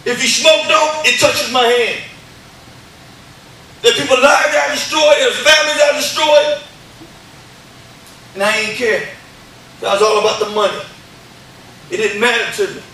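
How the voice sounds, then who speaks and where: A man with a very high, piercing, sharp-edged voice gives an impassioned church testimony. He stumbles over repeated words and rises into shouts. His voice rings through an echoey church hall, picked up from a distance. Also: a little slow, long pauses. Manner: stammering repetitions, builds to shouting. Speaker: testimony speaker.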